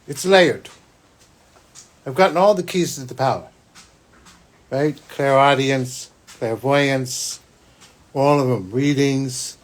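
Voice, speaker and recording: Husky-voiced man telling a rambling story. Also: mid-range voice. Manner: rambling, restarts often, big swings between loud and hushed. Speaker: psychic, show host. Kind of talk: spiritual podcast monologue, personal storytelling.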